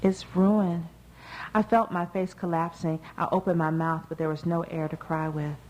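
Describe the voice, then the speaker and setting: A woman reading a first-person novel aloud in a measured, even way. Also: low-pitched, slight background noise, poor audio. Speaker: audiobook narrator. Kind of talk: first-person literary narration.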